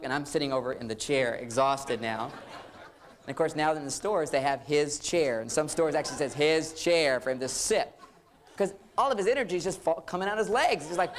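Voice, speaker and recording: A man's voice: fairly high pitch, fairly quick. A man giving a humorous seminar talk on relationships, joking and acting out quoted couples as he goes. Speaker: relationship lecturer.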